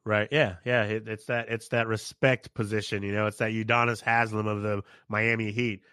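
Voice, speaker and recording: A man's voice: on the low side, flat delivery, moderate pace, pushed and bright, clean tone, no echo, studio quality. A man co-hosting a casual sports podcast, blunt and opinionated in his takes. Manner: blunt, opinionated, laughs often. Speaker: podcast co-host.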